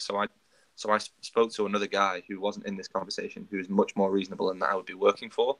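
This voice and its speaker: A man co-hosting a podcast tells a story during casual chat, acting out the quoted dialogue. His voice is low-pitched, level and a bit bright, and he speaks fast.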